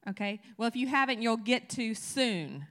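A woman's voice: fairly high pitch, lively intonation, normal speed, a bit bright. A woman teaching a church congregation in a candid, conversational sermon style, getting emphatic as her energy builds.

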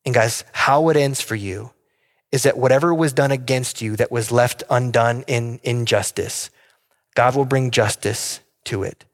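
A man's voice: medium pitch, measured pace. A man preaching a sermon as a pastor, earnest and pleading, asking the congregation rhetorical questions. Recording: long hall reverb.

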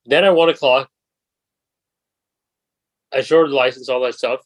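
A man's voice: medium pitch, normal speed, no room sound, rough recording. Twenty-something guy on a podcast, telling a story full of swearing, dry close sound. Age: 20s. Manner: profane, animated anecdote telling. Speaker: podcast host. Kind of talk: casual storytelling chat.

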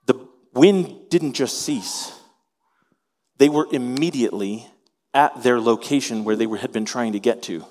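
A man preaching a sermon, animated, acting out the voices of the people in his story. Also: medium pitch, a little slow, big-room sound. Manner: animated, acts out voices in quotes. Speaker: pastor.

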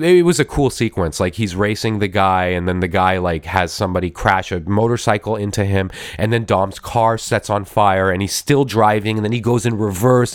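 A podcast host with a fairly low voice reviews a movie casually, recorded in an echo-free studio. His take is wry and rambling, with a mock-admiring tone, frequent restarts, and repeated words.

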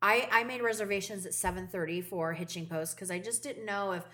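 A woman's voice: mid-range voice, fairly quick, fairly bright tone. A woman co-hosting a podcast, telling stories in casual chat and swearing freely. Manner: chatty storytelling, swears freely. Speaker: podcast co-host.

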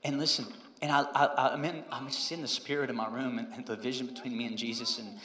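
A man in his thirties, a pastor preaching a sermon and telling a personal story, moving between loud emphasis and hushed, quoted prayer. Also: medium pitch, steady tone, quick pace. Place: church sanctuary. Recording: roomy hall reverb.

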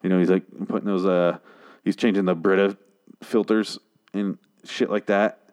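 A man with a fairly low voice rants through a TV episode recap in a casual, sarcastic way. He swears freely, sounds exasperated, and drops quick mocking voices for the characters. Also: little pitch movement, darkish tone, smooth. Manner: sarcastic, profane, exasperated ranting; mimics characters in brief jokey voices. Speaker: podcast host reviewing a TV episode.

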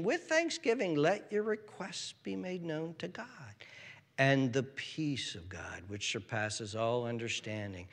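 A man preaching a sermon as pastor in a church sanctuary, swinging from loud fervent preaching to hushed near-whispers. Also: mid-range voice. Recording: hall reverb.

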